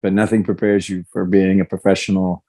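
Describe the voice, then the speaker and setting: A man's voice: low voice, level tone, a little fast, warm tone. A man in his fifties, a guest in a podcast interview, telling his story candidly and animatedly, acting out quoted lines. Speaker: guest, former fighter.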